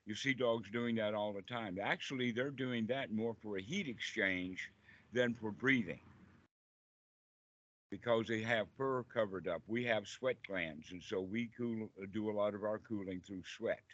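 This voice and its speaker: A man's voice: lowish voice, unhurried, fairly bright tone, muffled recording. A man, a meditation teacher, explaining breathing to a group on a video call and asking them questions.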